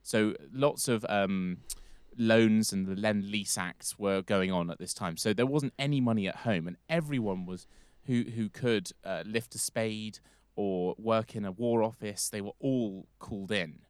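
A man's voice: lowish voice, a little slow, few pauses, clean tone, no room sound. An English man hosting a casual history podcast, rambling and correcting himself as he goes. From England. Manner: rambling, self-correcting, chatty. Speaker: podcast host.

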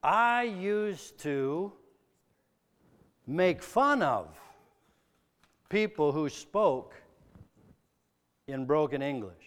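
Slow, earnest preacher man in a reverberant hall. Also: a little high, big pitch swings, a bit bright. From American Midwest. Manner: probing rhetorical questions, earnest and searching. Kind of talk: sermon.

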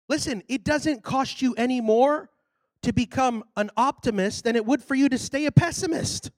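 Speaking in an extremely high pitch and taking his time, a male preacher recounts a story in a casual, animated sermon at church. He works up to loud, shouted exhortations, and the audio has no echo.

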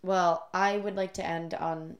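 A woman's voice: lowish voice, steady tone, unhurried. Chatty laughing woman co-host. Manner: chatty storyteller, laughs often. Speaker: podcast co-host. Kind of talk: casual chat.

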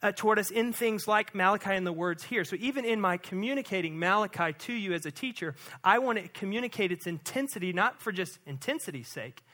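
A man's voice: sits high, lively intonation, a little fast, few pauses, bright, forceful tone. A male pastor preaching a sermon in a conversational way, often checking in with his listeners. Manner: conversational preaching, frequent "right?" asides.

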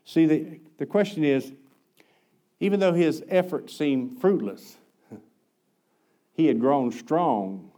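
High-voiced man preaching with folksy stories. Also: slow pace, long pauses. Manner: folksy, animated storytelling with asides. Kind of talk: sermon storytelling.

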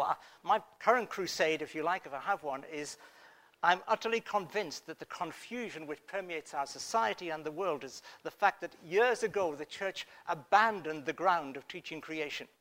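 Earnest high-voiced preacher. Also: male voice. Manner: earnest, swings from hushed to emphatic. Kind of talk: sermon.

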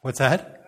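His mid-range voice is a bit bright and slightly rough. This male preacher gives a relaxed sermon, reading scripture aloud and recounting it conversationally, acting out the quotes with occasional chuckles.

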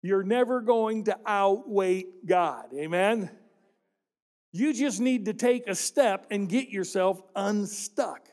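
A man's voice: sits high, slow pace, darkish tone. A man preaching a sermon to his congregation, speaking conversationally and often asking them questions. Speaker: pastor.

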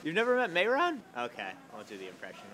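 A man's voice: on the high side, wildly swooping pitch, fast, bright, forceful tone. A man chatting casually as a guest, telling rambling stories with jokes and asides. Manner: rambling, joking storyteller. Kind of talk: casual conversation.

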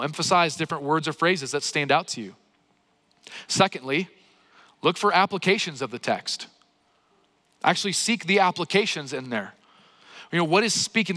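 Bright-voiced pastor preaching in a reverberant hall. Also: male voice, high-pitched. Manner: conversational preaching with rhetorical questions. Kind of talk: sermon.

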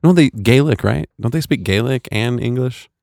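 A man's voice: medium pitch, moderate pace, gravelly, a little mellow, dry recording, studio quality. A man co-hosting a podcast in casual chat, rambling and self-deprecating, laughing a lot. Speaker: podcast co-host. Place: podcast studio.

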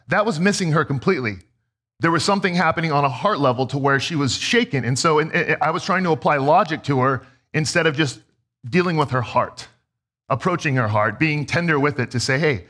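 A man in his thirties preaching a sermon as a pastor, telling stories in a conversational, self-deprecating way. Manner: conversational, self-deprecating storytelling with lively pitch swings.

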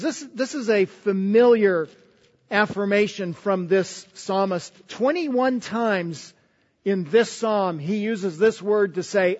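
High-voiced man preaching in a reverberant hall. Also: takes it slowly. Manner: earnest, repeats words while preaching. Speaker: pastor. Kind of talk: sermon. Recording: dull sound with long hall reverb.

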